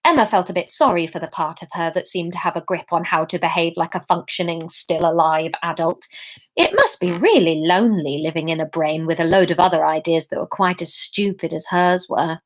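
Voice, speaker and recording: A woman's voice: lowish voice, a little fast. A woman reading her own serialized story aloud on a live stream, chatting with viewers between passages with self-mocking asides.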